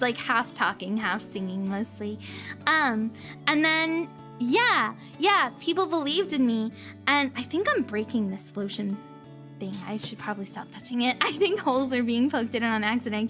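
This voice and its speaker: A woman with a high, light voice talks casually to her stream audience. She gushes and giggles, her voice wobbling as if close to tears. Soft music plays faintly behind her. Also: moderate pace. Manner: gushing, emotional, giggly. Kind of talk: casual livestream chat.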